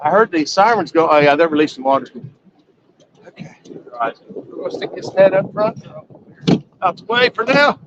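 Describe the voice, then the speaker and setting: A man hosting a casual live fishing stream from a boat on a river, folksy and excitable, whooping when a fish is released. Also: a little high, moderate pace, pauses often. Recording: lo-fi outdoor stream with boat noise.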